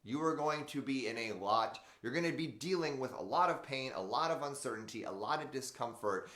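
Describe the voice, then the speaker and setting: A man hosts an unscripted motivational livestream, speaking emphatically, swearing, and addressing his viewers while in pain and wearing a back brace. His mid-range voice is a bit bright, fairly quick, and lively in intonation. The recording has a roomy echo.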